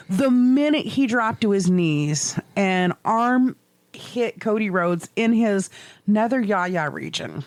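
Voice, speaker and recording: A middle-aged woman co-hosting a podcast, telling stories in a swearing, animated way with laughs, in casual chat. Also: mid-range voice, a little slow, no room sound. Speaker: podcast co-host.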